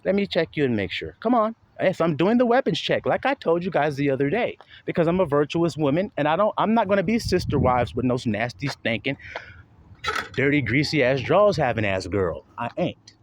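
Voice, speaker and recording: Man preaching, slangy and profane, lively swinging pitch, faint noise behind. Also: brisk. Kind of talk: informal sermon.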